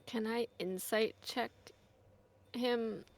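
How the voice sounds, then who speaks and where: A woman's voice: fairly high pitch, fairly even intonation, drawn-out words. A woman playing a tabletop game, musing and thinking aloud in casual table chat. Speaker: tabletop player.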